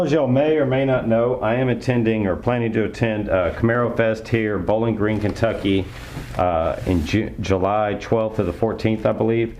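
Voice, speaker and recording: A man's voice: lowish voice, darkish tone, slight background noise. A man casually talking viewers through a car part install, upbeat and folksy. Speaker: car enthusiast vlogger. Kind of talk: casual how-to talk.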